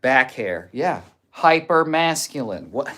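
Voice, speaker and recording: A man hosting a live stream, chatting casually as he reads viewer comments aloud. He mocks trolls with deadpan sarcasm in a voice of ordinary male pitch. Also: slow. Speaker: livestream host.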